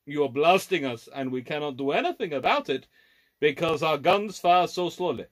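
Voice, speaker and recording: A man's voice: on the high side, expressive, moderate pace, fairly bright tone. A man doing a put-on Spanish accent as an exasperated Spanish sailor of the Armada, mocking and complaining during a live history chat.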